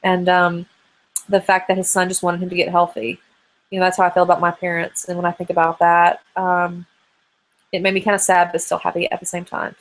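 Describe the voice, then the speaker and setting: This host, a woman in her thirties, answers viewer questions in a live online hangout, rambling and chatty with lots of fillers. Her voice is lowish and a little fast, with a completely flat delivery.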